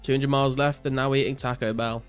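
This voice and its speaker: Speaking fast in a smooth, clean voice of ordinary pitch, a young man chats casually with his stream while he plays. He relaxedly reads viewers' messages back and ponders his replies, leaning on plenty of fillers, as soft music runs quietly beneath.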